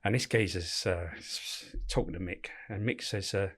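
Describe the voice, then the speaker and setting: A man's voice: low-pitched, normal speed. A man, a former prison officer, telling anecdotes in a podcast interview with frequent swearing. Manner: animated, swears freely, acts out voices. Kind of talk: anecdotal storytelling.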